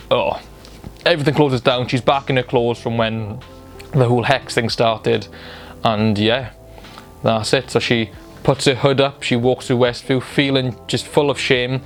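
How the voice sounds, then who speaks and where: A young man hosting a film channel, recapping a series finale in an excited, casual way, swearing and acting out the characters' lines as he goes. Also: medium pitch, moderate pace. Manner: excitable, swears, acts out quotes. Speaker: film review host.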